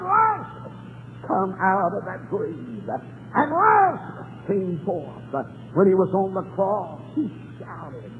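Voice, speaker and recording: A high-pitched man preaches a fervent revival sermon, dropping to quiet talk and then rising to shouts, with a steady "uh" between phrases. The recording is thin and phone-like, with a faint hiss under the voice. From North Carolina.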